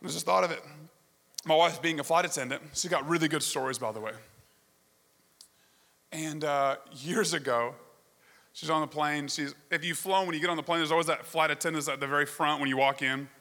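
A man's voice: fairly high pitch, brisk, pushed and bright. A man preaching a sermon, telling a story and asking the congregation rhetorical questions. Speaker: pastor. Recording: long reverb of a large hall.

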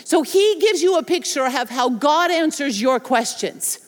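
A woman pastor preaches a sermon in a high voice, chatty and quick to laugh. She moves between personal stories and scripture with playful asides. The sound carries a long hall reverb. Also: expressive.

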